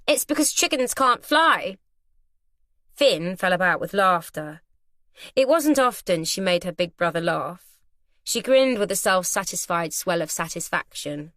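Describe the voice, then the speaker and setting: A woman narrating a thriller audiobook in a measured, steady storytelling manner. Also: on the low side, no echo, clean studio sound. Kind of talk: scripted narration.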